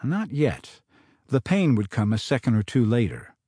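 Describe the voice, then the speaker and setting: A man reading his own novel aloud in dramatic, expressive audiobook narration. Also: mid-range voice, moderate pace, breathy edge, no echo, clean studio sound.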